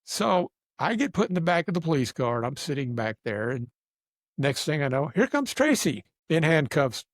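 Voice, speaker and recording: A man's voice: on the high side, very animated, normal speed, no room sound, clean studio sound. A man telling a rambling, self-deprecating story in casual chat, often restarting his sentences. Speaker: guest storyteller.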